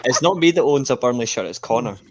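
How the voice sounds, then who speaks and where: A man's voice: mid-range voice, lively intonation, fast talker, very noisy. A man with a Scottish accent on a fan call, giving short agreements and dry banter. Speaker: panelist. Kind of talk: casual football chat.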